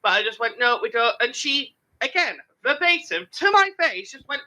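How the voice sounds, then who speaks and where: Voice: high voice, sing-song, moderate pace, sharp tone, poor audio. A podcast co-host telling a work story in casual, sweary chat and mimicking customers.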